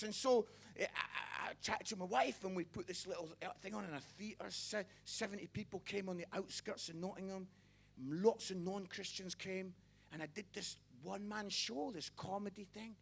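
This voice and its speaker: A young evangelist delivers a fervent sermon in a notably high voice for a man. He builds to loud, excited bursts, then drops to hushed confessions, and trips over his words with repeated stammered starts. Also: moderate pace, vocal fry, husky. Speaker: evangelist preacher. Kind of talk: passionate sermon.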